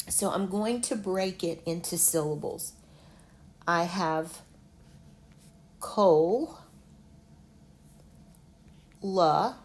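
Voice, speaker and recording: A woman teaching an online lesson, slowly sounding out medical words syllable by syllable. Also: lowish voice, creaky. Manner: slow, deliberate, sounds out syllables.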